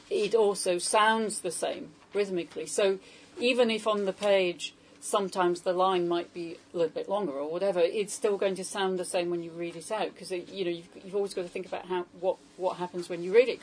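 On poor audio with slight background noise, a woman with a fairly low voice gives an informal poetry talk to a small audience. She's a translator leading a salon, hesitant and full of questions for her listeners.

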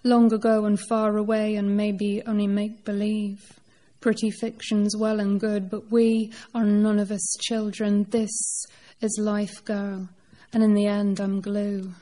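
A woman reciting a poem in the persona of an old male unicorn, a worn-out working man, in a measured reading voice without putting on an accent. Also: mid-range voice, flat delivery, mellow, natural voice. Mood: weary, wry. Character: old male unicorn, weary labourer, gruff. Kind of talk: performed poetry reading.

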